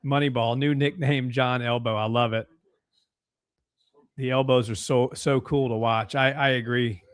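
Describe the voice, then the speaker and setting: An excitable young man commentates a fight live on a home stream, breaking into eager exclamations at big strikes. His voice sits at a middle pitch and comes through dry and close on a desk mic. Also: unhurried, no echo. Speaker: co-host of a fight watch-along stream.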